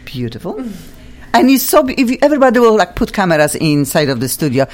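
A woman's voice: fairly low pitch, sing-song, a little mellow. Gushing Polish-accented woman radio host. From Poland. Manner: effusive, gushing, halting non-native English. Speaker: radio talk show host. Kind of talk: casual radio chat.

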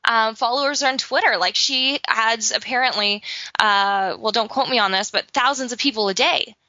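A chatty woman from Saskatchewan co-hosting a gossip show, with a raised, bright voice and frequent laughter. The sound is dry and dull, like a lo-fi recording. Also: on the high side, normal speed, dry recording. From Saskatchewan, Canada. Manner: chatty, laughs often, many fillers. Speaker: co-host. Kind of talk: casual celebrity gossip chat.

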